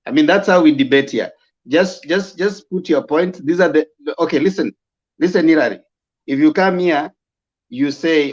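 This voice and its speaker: A man hosting a debate, calmly lecturing a caller on how to debate and smoothing things over. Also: fairly high pitch, normal speed. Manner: calm, lecturing, conciliatory. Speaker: host. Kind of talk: moderating a debate. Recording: dull lo-fi sound.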